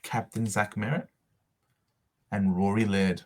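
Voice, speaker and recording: A man rants and gushes in a casual vlog, swinging into shouts and theatrical pauses. He speaks slowly, leaning on each word. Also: on the low side, fairly even intonation. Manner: over-the-top emotional, shouting and dramatic pauses. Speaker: fantasy football vlogger. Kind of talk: excited casual monologue.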